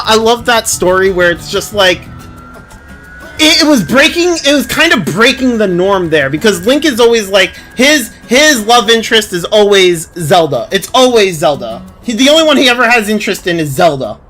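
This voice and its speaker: A man streaming a game, chatting casually in a lively, indignant way, swearing and laughing often. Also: high-pitched. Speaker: livestreamer.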